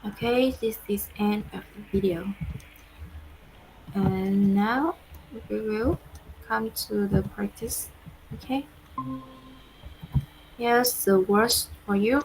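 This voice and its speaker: A woman teaching an English pronunciation lesson, modeling words slowly for her students to repeat. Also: medium pitch, darkish tone, a little hiss or hum, rough recording.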